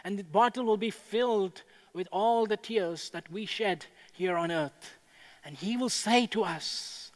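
A man preaching a sermon as a pastor, with a measured delivery that builds to impassioned proclamation. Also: sits high. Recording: echoey hall with long reverb.

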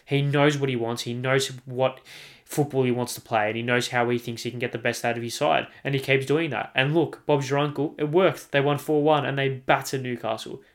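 A man's voice: mid-range voice, fairly even intonation, brisk. A man with an Australian accent hosting a solo sports podcast, talking emphatically, repeating his points and swearing freely. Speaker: podcast host.

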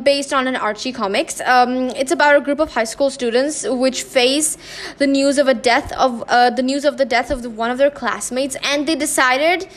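A woman's voice: high voice, fairly bright tone. A young woman hosting her own podcast, chatting casually with lots of fillers and restarts. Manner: rambling, many fillers and restarts. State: slightly out of breath. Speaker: podcast host. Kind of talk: casual chat.

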